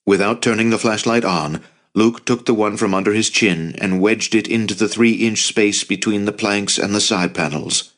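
Deep-voiced male audiobook narrator. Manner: measured, even storytelling. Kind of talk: scripted narration.

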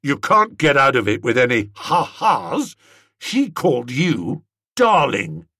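A man voicing an indignant, jealous young English gentleman who hurls accusations at an old friend, in an audiobook reading with a husky voice. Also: medium pitch, huge pitch swings, slow, no room sound, studio quality, heavily acted. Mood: scornful. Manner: hotly accusing, snorting. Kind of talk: audiobook character voice.

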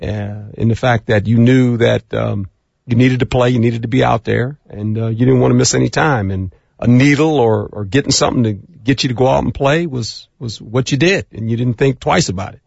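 A middle-aged man talking football as a guest on sports radio, acting out scenes in a rising, animated voice. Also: mid-range voice, brisk, creaky, breathy edge, dry recording. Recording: dull lo-fi radio audio.

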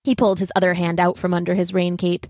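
A woman narrating a children's story aloud in a measured, gently expressive reading style. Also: lowish voice, dry recording, studio quality. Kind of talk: audiobook narration.

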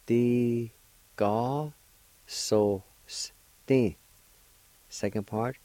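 A man hosting a radio language lesson, spelling out words letter by letter and repeating each pronunciation slowly and deliberately. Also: lowish voice, warm tone, dry recording, low-quality recording. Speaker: radio host teaching vocabulary.

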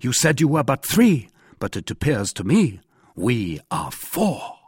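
A man's voice: mid-range voice, huge pitch swings, unhurried, husky, dry recording, studio quality, heavily acted. A male narrator voicing a hot-headed young man who is eager to fight, with an earnest and impassioned delivery.

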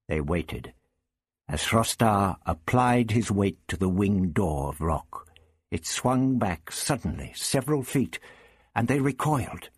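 A man narrating an audiobook in a measured storytelling manner. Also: low-pitched, expressive, slight background noise. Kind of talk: scripted narration.

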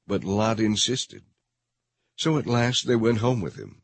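A man reading scripture aloud in a measured, steady narration. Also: fairly low pitch, creaky. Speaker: scripture reader. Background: faint music.

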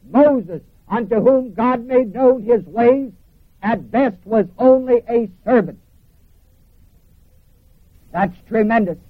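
A high-voiced man preaches with emphatic repetition, throwing questions to his listeners. The sound is thin and tinny like an old radio broadcast, dry with no room echo. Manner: emphatic, repeats phrases, asks congregation questions. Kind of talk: sermon.

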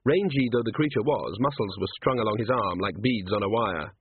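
A man narrating a story in a lively storytelling manner. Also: fairly low pitch, a little fast, slightly rough. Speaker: audiobook narrator. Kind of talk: scripted narration. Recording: tinny phone-like dry recording.

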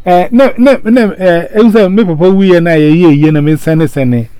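A man hosting a casual chat, animated, with frequent exclamations. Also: high voice, moderate pace, noisy background. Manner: animated, mixing English and local language, frequent exclamations.

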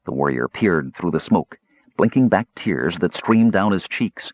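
A low-voiced man narrates a fantasy audiobook in a steady, measured way, with a husky grain. His delivery is lively in pitch. The recording is dull, lo-fi and dry. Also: dry recording.

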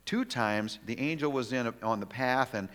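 A man preaching a sermon in a church, with an ordinary mid-range pitch. He tells the story in an animated way and often stops to restart a phrase. The sound trails off in a long reverb around him. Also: moderate pace. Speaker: pastor. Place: church sanctuary.

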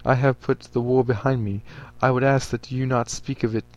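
An earnest, solemn preacher, read by a man in a storybook reading, with formal, stiff phrasing in an ordinary middle-pitched voice. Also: steady tone, normal speed, a little mellow, dull audio, lightly acted. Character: earnest, solemn male preacher, former soldier.

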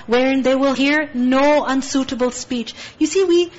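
High-voiced earnest woman teaching Quran. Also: fairly even intonation, highs cut off. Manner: earnest, rhetorical questioning, recites Arabic verses quickly. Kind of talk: Quran tafsir lesson.

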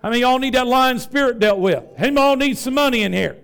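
A Pentecostal bishop with a high, smooth, ringing voice preaches to his congregation. He talks in a rhythmic, folksy way and keeps calling questions out to the room. The sound is clear and resonant, the voice of a man at home in the pulpit. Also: quick pace, a bit bright. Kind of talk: sermon. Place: church before a congregation.

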